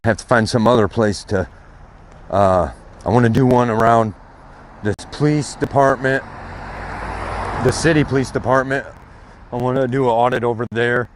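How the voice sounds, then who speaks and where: A man's voice: medium pitch, steady tone, normal speed, pauses often, slight background noise. A man vlogging outdoors by a street, telling a long grievance story in a rambling, cursing way. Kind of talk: casual talk while walking outdoors. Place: outdoors by a street with passing vehicles.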